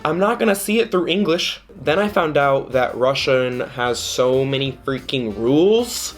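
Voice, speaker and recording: Animated man telling a dating story. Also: measured pace, soft background music. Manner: animated, jokey, jumps into high mock voices. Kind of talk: casual storytime to camera.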